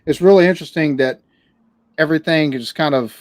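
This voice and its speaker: A man's voice: fairly high pitch, fairly quick, no room sound. A man from the United States, the guest on a casual interview, who rambles, restarts often and swears casually. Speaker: podcast guest, reaction channel creator.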